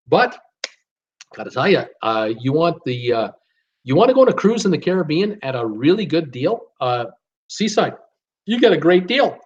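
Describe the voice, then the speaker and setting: A chatty man hosts a live stream, reading out viewer comments one after another and riffing on them with jokes and frequent fillers. His voice sits fairly high for a man. The audio is dull and lo-fi. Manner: reads viewer comments aloud and responds chattily; jokey, lots of uh fillers. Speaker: host.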